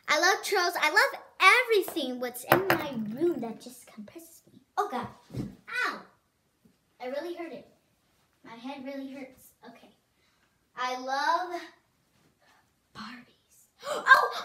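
High, bright, excitable female vlogger. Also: measured pace, long pauses, breathy edge. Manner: excitable, often drops to a whisper. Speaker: vlogger showing her room. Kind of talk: casual room-tour vlog.

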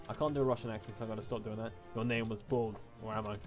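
A man's voice: fairly low pitch, fairly even intonation, racing, few pauses, soft background music. A man hosting a casual let's-play, reading game text aloud and adding mock asides in a jokey tone. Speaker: gaming channel host.

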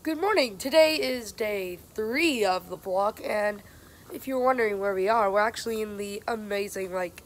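A woman vlogging casually from a theme park and hotel, excitable and quick to shriek and laugh, filming on a handheld camera. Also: medium pitch. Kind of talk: casual travel vlog. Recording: theme park crowd and music behind.

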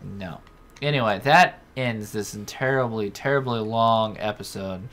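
A man hosting a let's-play, chatting casually over gameplay and swearing freely as he reacts with jokes and bursts of excitement. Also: lowish voice, measured pace. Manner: profane, excitable, joking.

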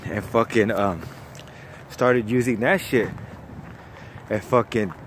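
A former bank call-center worker from California, speaking with a Chicano accent, tells laid-back stories about his old job for a casual vlog, swearing freely and leaning on fillers. His voice is fairly low and slow, with slight background noise.

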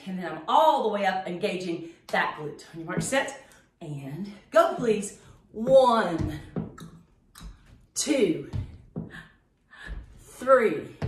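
A breathless woman counts her class through leg reps, her lively voice swinging high and low in a playful sing-song. She sits back from the mic in a roomy, echoing space with a faint hiss underneath, and her counting runs slow and unhurried. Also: recorded from a distance. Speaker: fitness instructor. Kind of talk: leading a home workout class.

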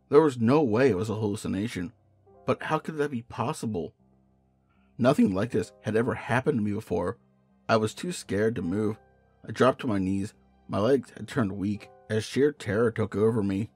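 A man narrating a first-person horror story in a measured, hushed storytelling manner. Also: on the low side, husky. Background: faint music.

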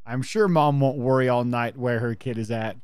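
A man's voice: mid-range voice, moderate pace, darkish tone, clean tone, no room sound. A male streamer talking casually and sarcastically while playing a game live.

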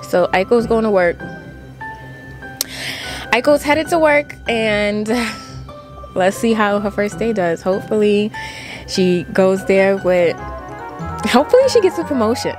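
A young woman giving casual, playful commentary while playing a life-sim game, full of "like" and quick asides. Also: mid-range voice, animated, over music. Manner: chatty, playful, lots of "like". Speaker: gaming YouTuber. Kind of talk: casual let's-play commentary.

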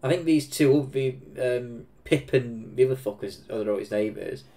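A man with an English Midlands accent reacting to a film, excitable, swearing and laughing often. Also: medium pitch, moderate pace. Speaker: reaction video host. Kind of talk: casual reaction commentary.

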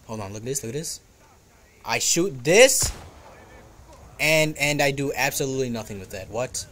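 A man streams a game live in a mid-range voice at a moderate pace, with long pauses and a little hiss or hum in the audio. He jokes, trash-talks enemies, and bursts out excitedly while talking to himself and his chat.

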